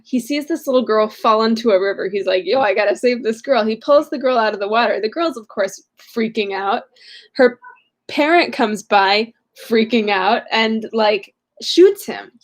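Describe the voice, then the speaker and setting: A young woman at home, casually recapping a novel chapter and reading it aloud, chatty and scatterbrained with lots of fillers. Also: fairly high pitch. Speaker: reader of a novel. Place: home room.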